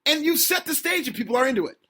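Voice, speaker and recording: A man hosting a podcast, delivering an opinionated, sarcastic solo rant that climbs toward near-shouting. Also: extremely high pitch, expressive, rapid-fire. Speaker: podcast host.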